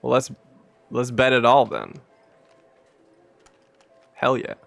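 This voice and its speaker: A man's voice: mid-range voice, very animated, takes it slowly, vocal fry, soft background music. A young man from Scotland, streaming a casino game and bantering jokily with his chat. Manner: joking banter with chat, reacting to wins and losses. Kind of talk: casual live-stream gaming chat.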